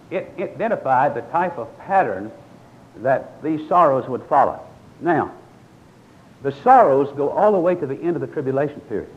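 A man's voice: mid-range voice, highs cut off. An older man preaching a sermon, explaining scripture in a folksy, storytelling way and reading verses aloud.

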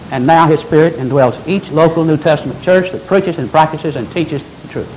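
An older man preaching a sermon as pastor, with animated delivery and folksy asides. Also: on the high side, brisk, few pauses, a little hiss or hum, low-quality recording.

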